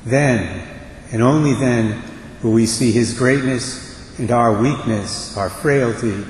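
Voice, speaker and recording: A man preaching a homily in a church, measured and earnest, leaning on slow emphatic phrases. His mid-pitched voice rings through a roomy space with a long reverb tail and a faint hum underneath. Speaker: priest.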